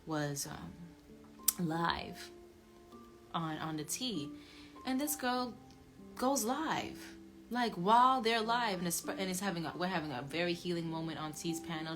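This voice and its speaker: A woman tells her own story to viewers, her low voice dropping to a hush and then rising loud as she repeats phrases. She curses freely and talks animatedly. Music plays clearly behind her. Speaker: commentary channel creator telling her story. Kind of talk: emotional personal storytelling to viewers.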